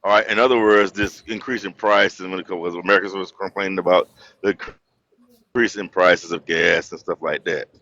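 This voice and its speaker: Puzzled lower-voiced man on a dull call. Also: fairly even intonation, fairly quick, pushed and bright. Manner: puzzled, reasoning aloud with stumbles. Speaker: caller. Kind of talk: casual live-stream chat.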